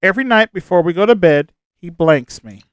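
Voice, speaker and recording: A man hosts a game show in a high, light voice. He reads each prompt with upbeat cheer and laughs easily between the players' answers. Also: animated, a little fast, clear, resonant tone, no echo. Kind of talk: hosting an online game show.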